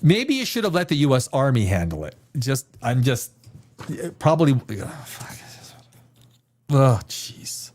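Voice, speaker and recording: A podcast host sits in a desk chair in a home room, casually hosting a live stream show at a measured pace in a darkish, mid-range voice whose pitch swoops wildly. He rambles and is sarcastic, swearing now and then and mocking others in put-on voices. A slight hiss or hum is audible.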